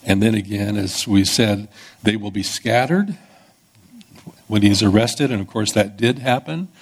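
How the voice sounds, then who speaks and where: A pastor preaching an expository sermon in a conversational teaching manner, with small restarts. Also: male voice, fairly low pitch, measured pace, husky.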